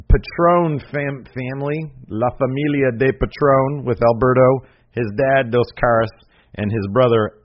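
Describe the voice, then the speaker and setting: Rambling low-voiced man on lo-fi audio. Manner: rambling, filler-heavy, joking asides. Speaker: wrestling show recapper. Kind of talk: casual recap monologue. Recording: dull lo-fi recording.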